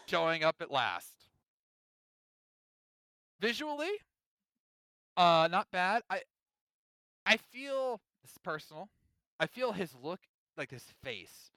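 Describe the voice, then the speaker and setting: Bright, animated man ranting on a podcast. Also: a little high, smooth, no room sound. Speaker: podcast co-host. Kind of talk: casual chat.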